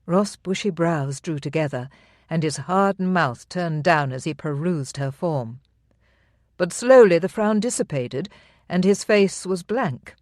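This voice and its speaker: Audiobook narrator, mid-pitched voice, even and steady delivery, dry close recording. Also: a little slow, no echo.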